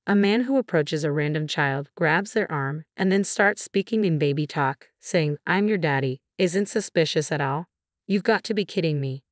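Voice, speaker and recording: Low-voiced woman narrating a story. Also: moderate pace, dry recording, studio quality. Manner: even, steady first-person storytelling.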